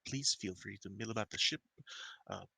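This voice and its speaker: A man voicing a suave, scheming male mercenary leader with courteous, measured speech. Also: on the low side, creaky, pushed and bright, breathy edge, dry recording, heavily acted.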